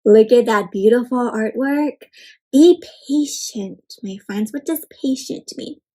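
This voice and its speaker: A woman reading a picture book aloud to children, pausing often to encourage them and ask them questions. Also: fairly high pitch, noisy background. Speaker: children's storybook reader. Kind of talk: interactive read-aloud for kids.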